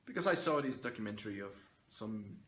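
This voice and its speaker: A motivational vlogger records himself on his phone or camera, delivering a blunt, profane monologue that pushes viewers to stand on their own. His voice is fairly low, fairly bright and animated, and he talks fairly quickly while swearing freely.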